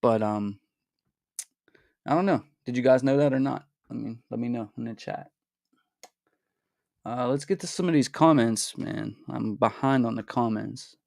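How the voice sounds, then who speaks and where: A man hosting a casual livestream, talking in a relaxed, rambling way with fillers and restarts. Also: mid-range voice, moderate pace, creaky, long pauses, no room sound, clean studio sound. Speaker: livestream host.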